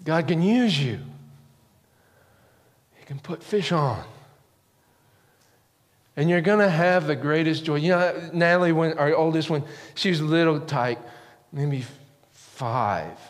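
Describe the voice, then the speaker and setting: A middle-aged man preaching a sermon, telling stories in an animated way and acting out loud quoted yells. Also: takes it slowly, pauses often, big-room sound. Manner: animated, acts out quotes with sudden high yells. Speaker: pastor. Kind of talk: sermon storytelling.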